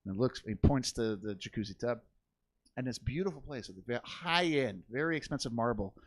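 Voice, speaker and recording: A man's voice: mid-range voice, animated, a little fast, no room sound. A young man telling a crude family story in a stand-up comedy set, swearing freely and acting out the people in it. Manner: profane storytelling with voiced impressions. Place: comedy theater stage.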